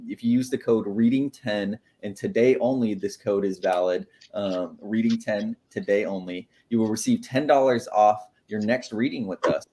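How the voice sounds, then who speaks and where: Male host, fairly low voice, upbeat promo delivery for a livestream. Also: a little mellow.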